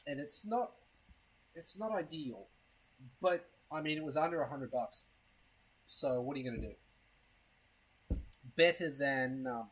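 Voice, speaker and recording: A man's voice: fairly high pitch, slightly rough, low-quality recording. A man chatting casually on a live stream, rambling and crude, with a self-mocking tone and a case of hiccups. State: has hiccups.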